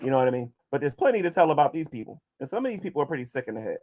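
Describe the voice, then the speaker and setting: A man's voice: mid-range voice, sing-song, racing, a little mellow. A man vlogging as he answers viewer questions and combatively addresses his critics, often restarting his sentences. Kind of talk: casual vlog monologue.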